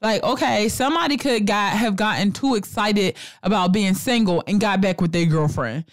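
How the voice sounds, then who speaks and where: A woman's voice: mid-range voice, moderate pace, dry recording. Blunt New woman, dry close sound. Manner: blunt, profane, animated storytelling. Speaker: podcast co-host. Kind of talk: casual chat.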